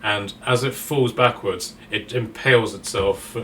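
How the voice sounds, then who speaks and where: A man's voice: lowish voice, unhurried, fairly bright tone, far from the mic, slight background noise. A man narrating a tabletop game as game master, rambling with many fillers and restarts.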